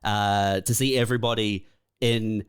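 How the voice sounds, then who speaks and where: A man co-hosting a comedy podcast, laid-back and halting, musing in mock-philosophical tones. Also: fairly low pitch, steady tone, clean tone. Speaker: podcast co-host. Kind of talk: casual comedic podcast chat.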